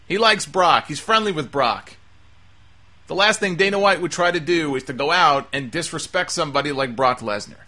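A man's voice: fairly high pitch, animated, normal speed, bright, forceful tone. A man hosting a talk show, delivering an emphatic, exasperated opinion monologue. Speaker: wrestling talk show host.

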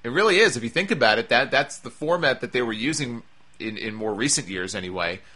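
A man's voice: mid-range voice, expressive, brisk, pushed and bright. A man giving a casual, chatty recap of a wrestling show, with wry asides and frequent fillers.

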